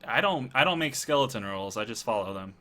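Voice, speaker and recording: A man's voice: mid-range voice, animated, bright, forceful tone. A man doing a stammering, fretful freed skeleton. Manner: awkward, halting, stammering. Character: chatty nervous male skeleton freed from a crypt.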